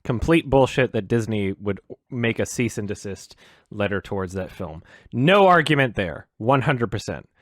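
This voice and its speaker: A man hosting a reaction video, ranting in an exasperated, sweary way, swinging between loud outbursts and low sarcastic muttering. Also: expressive, moderate pace, no echo, clean studio sound. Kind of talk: ranting commentary.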